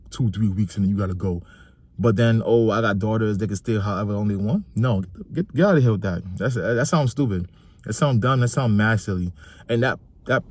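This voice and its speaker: A young adult man, delivering a passionate opinion monologue about fatherhood and repeating phrases for emphasis. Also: medium pitch. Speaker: vlogger and father.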